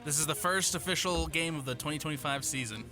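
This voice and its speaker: A man who is the show's producer, giving quick, matter-of-fact updates on a sports radio show. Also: a little high, over music. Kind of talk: casual sports talk radio.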